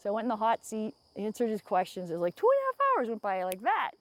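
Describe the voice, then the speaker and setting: A woman's voice: fairly high pitch, huge pitch swings, fast talker, a bit bright. Chatty woman livestreaming outdoors. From United States. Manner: rambling, chatty, reads viewer comments aloud, laughs often. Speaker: livestream host. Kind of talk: casual livestream chat. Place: outdoors in the woods. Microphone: phone earbud used as microphone.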